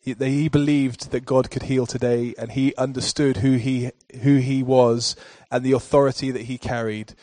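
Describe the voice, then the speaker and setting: A male pastor delivering a sermon in a rhythmic, repetitive cadence that builds to forceful declarations. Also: mid-range voice, flat delivery, moderate pace, few pauses, dry recording.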